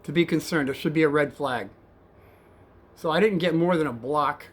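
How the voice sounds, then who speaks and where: A man who used to drive a cab, telling a story casually and softly, with a rambling manner and calling his viewers kids. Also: fairly high pitch, normal speed. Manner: soft-spoken and rambling, addresses viewers as kids.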